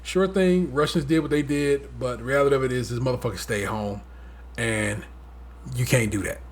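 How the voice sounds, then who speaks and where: A man co-hosting a podcast in casual chat, talking in animated, profane bursts and mocking the people he talks about. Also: mid-range voice, moderate pace. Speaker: podcast co-host.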